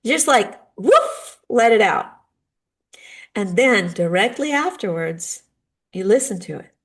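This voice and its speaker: A middle-aged woman and spiritual guide speaking in a gentle, earnest way about healing, now and then acting out little dialogues. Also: mid-range voice, a little slow. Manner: gentle, earnest, acts out short dialogues with lively shifts. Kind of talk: heartfelt talk on healing grief.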